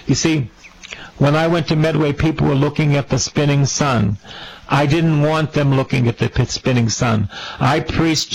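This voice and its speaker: Man, priest, sermon, gravelly, husky, fervent, repeats phrases. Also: a little high, moderate pace, rough recording.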